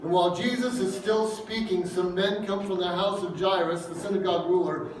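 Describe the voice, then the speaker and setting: Man, preacher, conversational sermon, emphatic, questions to the congregation, high voice, echoey hall, distant mic, faint hiss. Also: steady tone, brisk. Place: church hall.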